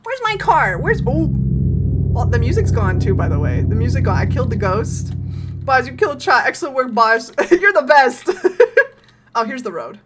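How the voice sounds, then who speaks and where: A young woman streaming a horror game, excitable, laughing often and swearing casually. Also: on the high side, normal speed, noisy background. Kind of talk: casual gameplay commentary.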